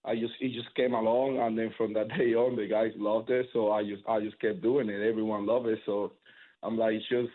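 A man, a professional baseball pitcher, answering interview questions casually, rambling with lots of fillers and restarts. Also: flat delivery, a little fast. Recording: tinny phone-like sound.

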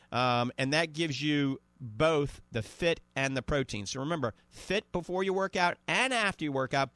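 A man in his fifties with a New Orleans accent, hosting a radio call-in show and pitching a supplement, often checking in with "okay?". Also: a bit bright, no echo. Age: 50s. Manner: salesy, repeats "okay?" and "all right?" to the listener. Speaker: radio host selling supplements.

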